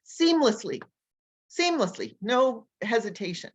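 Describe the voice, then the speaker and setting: A woman language coach and educator, telling stories in an animated, energetic way during a casual interview. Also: on the high side, unhurried, slightly rough. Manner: animated, energetic storyteller who acts out voices.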